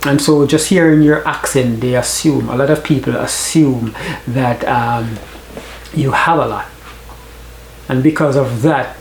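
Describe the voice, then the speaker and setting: Jamaican man with a gravelly voice. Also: medium pitch, echoey room, slight background noise, rough recording. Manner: conversational, frequent "right?" tags, laughs easily. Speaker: vlogger. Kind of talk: casual advice talk.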